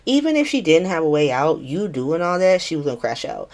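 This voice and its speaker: A woman's voice: low-pitched, big pitch swings, brisk, darkish tone. A woman hosting a podcast, recapping a soap opera in casual, profane chat and acting out the characters' lines in shifting voices. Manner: chatty, profane, acts out quotes in shifting voices.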